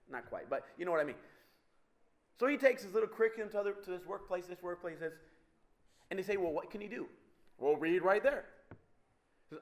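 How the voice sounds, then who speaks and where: A man preaching a sermon to a live audience, animated and teasing, swinging between loud and soft. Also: normal speed, long pauses. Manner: animated, wide swings in pitch and loudness, teasing the crowd.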